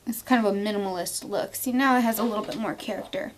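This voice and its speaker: A woman's voice: mid-range voice, fast, slight background noise. A woman in her thirties chatting casually through a makeup tutorial at home, playful and prone to inventing silly words as she works. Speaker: beauty vlogger. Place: at home, indoors.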